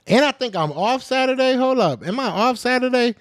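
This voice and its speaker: A man hosting a live podcast, reading the chat and trash-talking in a casual, animated way; he is a little sick. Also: very high voice, brisk, few pauses, no echo, clean studio sound.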